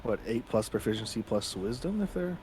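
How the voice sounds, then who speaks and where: A man's voice: medium pitch, big pitch swings, a little fast, a little mellow, faint music behind. A man playing a tabletop role-playing game, chatting about rules and joking in character. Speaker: tabletop player. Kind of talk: casual tabletop role-play.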